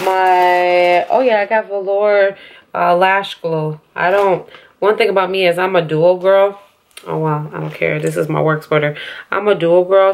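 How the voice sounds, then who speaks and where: A young woman vlogging a makeup haul, excitable and gushing, talking straight to her viewers. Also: lowish voice. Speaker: beauty vlogger and store employee. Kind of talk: casual haul vlog.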